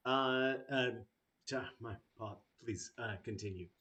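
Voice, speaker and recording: A man narrating a tabletop game as game master, halting, with many fillers. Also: medium pitch, pushed and bright.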